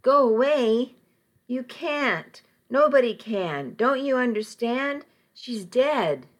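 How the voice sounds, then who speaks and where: A woman's voice: a little high, animated, takes it slowly, pitched above the performer's own voice. A woman voicing a panicked young man in shock who stammers frantically in an audiobook story.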